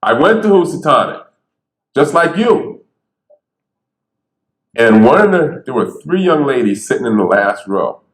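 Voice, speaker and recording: A man who stutters, telling stories on stage in a lively, conversational way and acting out the people he quotes. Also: mid-range voice, measured pace, long pauses. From Bridgeport, Connecticut. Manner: animated, conversational, acts out quotes. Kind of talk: storytelling talk. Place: theater stage. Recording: echoey theater.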